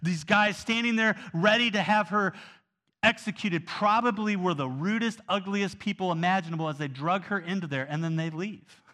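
A man preaches a sermon with a fairly high, bright voice. He talks earnestly and moves from quiet, soft passages to loud, pressing ones. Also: normal speed. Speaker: pastor.

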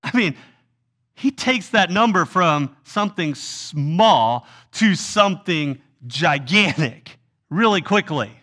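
A man's voice: on the high side, expressive, takes it slowly, fairly bright tone. A man preaching a sermon as a pastor, telling a story with feeling and acting out voices of people pleading.

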